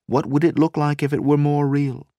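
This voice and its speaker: A man narrating a story in a measured, dramatic reading style. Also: on the high side, little pitch movement, mellow, no room sound. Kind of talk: scripted audiobook narration.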